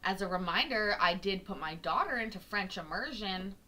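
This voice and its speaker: A woman's voice: medium pitch, animated, normal speed, heavy background noise. A woman hosting a casual livestream from her kitchen, chatting with viewers in a jokey, self-teasing way and swearing freely. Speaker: livestream host reacting to court videos. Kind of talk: casual chat to a live audience. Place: home kitchen.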